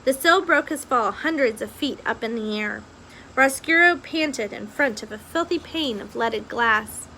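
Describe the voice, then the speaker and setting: Woman reader, high and bright, expressive storybook reading. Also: a little slow, a little hiss or hum, rough recording. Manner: recaps casually, then reads with expression. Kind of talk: reading a children's novel aloud.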